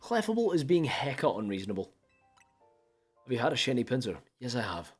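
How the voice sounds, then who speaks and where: Animated man streaming a game. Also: mid-range voice, a little fast, husky, soft background music. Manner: animated, mock-mopey, chatting with viewers. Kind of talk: casual live-stream chat.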